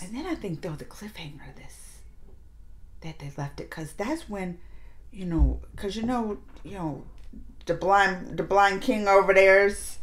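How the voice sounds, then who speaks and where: A woman hosting a casual reaction video, excitedly retelling and commenting on scenes. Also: medium pitch, measured pace. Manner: animated, excitable retelling with laughs and acted-out quotes.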